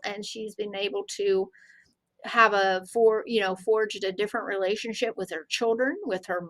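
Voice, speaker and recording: A woman's voice: medium pitch, a bit bright, rough recording. A woman guest on an interview show, an anti-bullying consultant, animatedly recounting conversations with clients. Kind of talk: storytelling in an interview.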